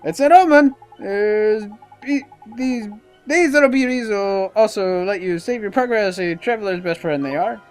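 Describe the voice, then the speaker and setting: A gamer reading a cheeky little male fairy sidekick's lines in a raised, animated voice. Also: mid-range voice, normal speed, clean tone, faint music behind, pitched above the performer's own voice, close to an everyday voice. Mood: chipper.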